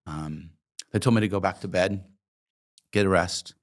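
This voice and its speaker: A coffee company founder in his fifties from Oregon, USA, recounts his life story as an interview guest. He speaks in a low voice at a moderate pace, reflective and emotional, with many hesitant ums.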